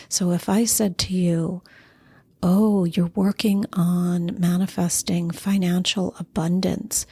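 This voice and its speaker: A middle-aged woman hosting a spiritual talk, teaching calmly and acting out playful quotes. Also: lowish voice, gravelly, slightly rough, dry recording, studio quality. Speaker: podcast host and spiritual teacher. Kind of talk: calm spoken teaching monologue.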